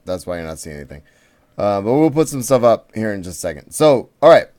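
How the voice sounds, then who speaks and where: Male podcast co-host, casual and rambling, low-ish and smooth. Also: big pitch swings, quick pace, darkish tone. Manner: rambling, lots of fillers and restarts. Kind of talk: casual chat.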